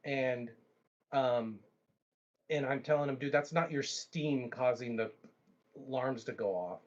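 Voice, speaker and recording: A man's voice: medium pitch, unhurried, muffled recording. Rambling man telling a story. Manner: animated, rambling, frequent restarts. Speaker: livestream host. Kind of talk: casual storytelling.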